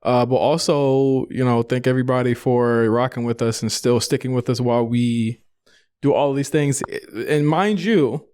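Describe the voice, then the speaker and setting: Podcast co-host, male, smooth and resonant, close dry sound, rambling casual delivery. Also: medium pitch, normal speed, darkish tone, no echo. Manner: loose, rambling, restarts phrases. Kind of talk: casual chat. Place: podcast studio.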